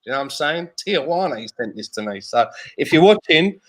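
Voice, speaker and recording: A man's voice: a little high, very animated, brisk. A man on a football fan podcast, joking around and swearing freely. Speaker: podcast panelist. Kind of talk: casual banter.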